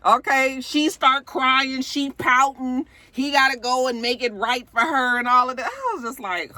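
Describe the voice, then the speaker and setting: A woman's voice: high-pitched, measured pace, hardly any pauses, no echo. A woman hosting a casual reality TV recap, sassy and profane, acting out what people said. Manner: sassy, animated, profane storytelling; acts out quotes in shifting voices.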